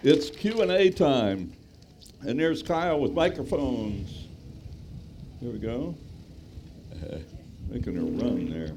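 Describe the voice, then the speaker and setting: A man hosting an event and calling for audience questions in drawn-out announcements. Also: mid-range voice, big pitch swings, noisy background. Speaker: event host.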